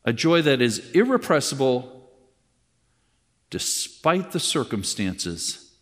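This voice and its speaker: A pastor giving a conversational sermon with wry asides, repeating key lines for emphasis. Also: male voice, medium pitch, very animated, slow. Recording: long reverb from the hall.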